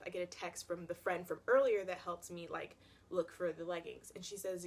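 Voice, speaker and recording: A young adult woman vlogger tells a personal story in a casual, dramatic way, saying "like" constantly. Her voice sits on the low side and moves briskly, and her delivery is animated.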